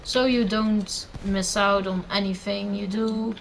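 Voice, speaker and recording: A teenage girl talks through game tips at an unhurried pace, in a mid-range voice. She rambles, restarts her sentences and fills the gaps with "uh". Faint background hiss and the tapping of a keyboard sit under her voice. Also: medium pitch, fairly even intonation, poor audio. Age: teen, under eighteen. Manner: rambling, many fillers and self-corrections. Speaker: gamer giving tips. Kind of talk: casual gameplay commentary.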